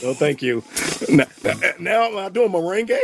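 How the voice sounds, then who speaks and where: A man co-hosting a casual podcast, animated and joking with lots of laughter and swearing. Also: sits high, moderate pace, music in the background. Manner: animated, laughing, swearing, lively comic storytelling. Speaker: podcast co-host.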